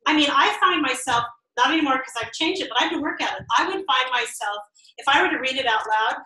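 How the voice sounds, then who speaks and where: A woman's voice: sits high, expressive, quick pace, pushed and bright. A woman leading a training workshop, upbeat and often laughing, acting out the tones of imagined text messages. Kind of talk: interactive training talk. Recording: roomy echo, distant mic.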